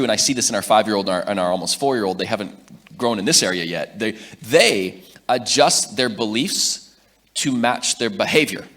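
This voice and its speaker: Man telling animated parenting stories. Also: fairly low pitch. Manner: animated storyteller, acts out his daughters' lines. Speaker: leadership speaker. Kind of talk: talk on leadership with family stories.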